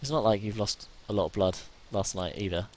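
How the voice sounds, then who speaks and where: A man's voice: fairly low pitch, brisk, a little mellow, slight background noise. A man talking to himself while playing a survival game, swinging from anxious whispered muttering to sudden panicked yelps, often repeating himself. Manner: repeats himself under stress. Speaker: gamer. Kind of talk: live gameplay commentary.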